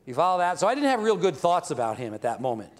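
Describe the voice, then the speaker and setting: A man's voice: a little high, very animated, fast. A man telling a personal story to an audience in a conversational way, often checking that they follow. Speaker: speaker at a business event. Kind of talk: motivational storytelling talk.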